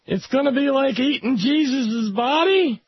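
A man's voice: extremely high pitch, measured pace, dry recording, voice pushed up. A man doing a whiny scared little kid. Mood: worried. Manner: whining, pleading. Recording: dull lo-fi recording.

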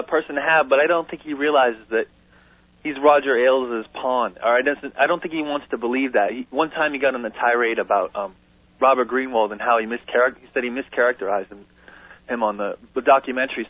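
A man calling in to a radio talk show, opinionated and animated, stumbling into restarts as he talks. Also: mid-range voice, fast, dry recording. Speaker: caller. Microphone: telephone. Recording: tinny phone line on radio.

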